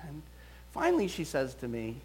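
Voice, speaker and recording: Male counselor, storytelling talk; fairly high, very lively pitch. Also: normal speed, slightly rough. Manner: animated storyteller, quoting voices.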